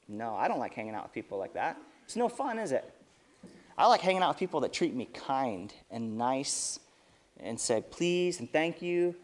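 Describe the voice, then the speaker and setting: Lively children's sermon storyteller. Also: mid-range voice. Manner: lively, asks the kids questions. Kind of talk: story told to children with questions. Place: church service.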